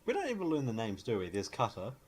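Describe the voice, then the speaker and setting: A man's voice: mid-range voice, wildly swooping pitch, fast, slightly rough. A man, co-hosting a podcast in a casual, joking chat and ranting about reality shows. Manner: jokey, ranting, acts out quotes in mock voices. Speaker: podcast co-host.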